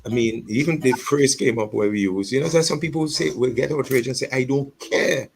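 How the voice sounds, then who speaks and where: Gravelly earnest pastor on radio. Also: male voice, mid-range voice, fairly quick, darkish tone, soft background music, poor audio. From St Vincent and the Grenadines. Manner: earnest and reflective, repeats words and phrases. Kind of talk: radio talk, public apology. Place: radio studio.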